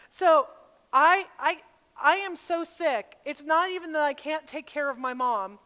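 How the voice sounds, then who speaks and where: A middle-aged woman speaking at a women's retreat, telling a personal story with animated, sometimes loud bursts. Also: high voice, moderate pace. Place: large hall at a camp retreat. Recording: long reverb of a large hall.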